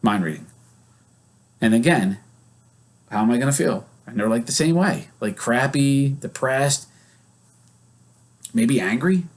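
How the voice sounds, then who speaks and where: A man's voice: mid-range voice, expressive, measured pace, pauses often. A male psychologist who leads therapy groups, teaching casually and acting out example scenes in quoted voices. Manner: conversational, with many fillers.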